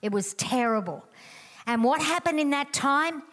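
A middle-aged woman delivers a sermon. She talks to the congregation in a chatty, emphatic way and drives her points home by repeating them. Her voice sits somewhat high for a woman. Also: animated, normal speed, a bit bright. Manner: emphatic, conversational, repeats key lines. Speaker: preacher.

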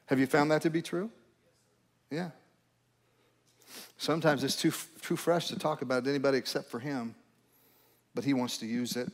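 A man's voice: medium pitch, fairly even intonation, normal speed, long pauses. A man preaching as pastor, earnest and repeating his phrases, rising into fervent appeals as he invites people to pray. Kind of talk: sermon with altar call. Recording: long reverb with faint music.

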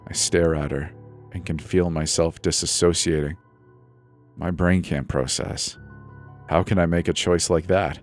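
A man's voice: low-pitched, steady tone, measured pace. A man telling a first-person horror story in a tense, breathless, dramatic way. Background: faint music.

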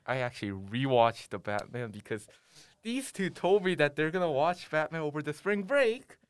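A young man as a podcast guest, playful and joking, telling animated stories. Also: fairly high pitch, moderate pace, clean tone, dry recording. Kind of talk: casual chat.

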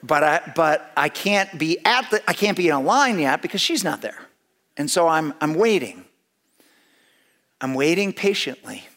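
Middle-aged man, somewhat high voice, animated storyteller, swings loud and soft, restarts phrases. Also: moderate pace. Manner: animated, with big swings in pitch and loudness; repeats and restarts phrases as he talks. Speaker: speaker telling a story to a gathered audience. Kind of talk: storytelling talk with humor.

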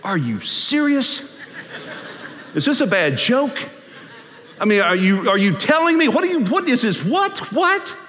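A preacher doing a high, squealing voice for an excitable, bewildered man who gushes in giddy bursts. His shrill cries bounce around a reverberant hall with a long echo. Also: measured pace, pauses often, exaggerated voice. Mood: incredulous.

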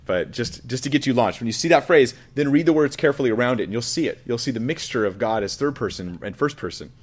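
A man at an ordinary pitch works through a Bible passage verse by verse. He reads aloud and then explains it in an earnest, reflective teaching voice. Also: expressive, fast talker. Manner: earnest, reflective, with frequent restarts. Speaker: pastor.

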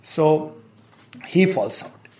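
A man giving a reflective spiritual lecture, measured and explanatory, with hesitations. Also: fairly high pitch, animated, darkish tone. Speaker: spiritual teacher. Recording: roomy echo.

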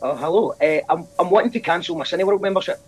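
A man's voice: sits high, racing, low-quality recording. A man making a comic complaint call, exasperated and ranting, repeating himself. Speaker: caller.

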